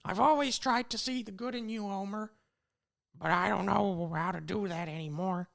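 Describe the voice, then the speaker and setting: A man doing an impression of a middle-aged cartoon housewife, speaking a sad, measured farewell in a raised voice. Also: sits high, gravelly, a bit bright. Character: middle-aged cartoon housewife saying goodbye to her husband.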